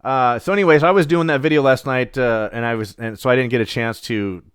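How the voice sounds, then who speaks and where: A man's voice: medium pitch, a little fast, fairly bright tone, smooth, dry recording, clean studio sound. A middle-aged man chatting casually on a live stream, rambling with lots of ums and self-deprecating asides. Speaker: homesteading channel host. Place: home at night. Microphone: studio microphone.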